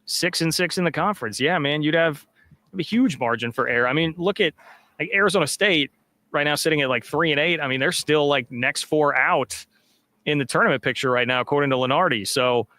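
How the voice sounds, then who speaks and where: Bright, upbeat male sports podcast host. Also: fairly high pitch, a little fast, no room sound. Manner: upbeat, filler-heavy, reads sponsor plug. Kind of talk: casual sports chat.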